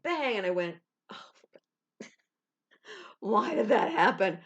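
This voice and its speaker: A woman's voice: on the low side, gravelly, muffled recording. A woman, a spiritual guide, talking casually to camera with chatty advice and little acted-out exchanges. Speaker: intuitive spiritual guide, video host.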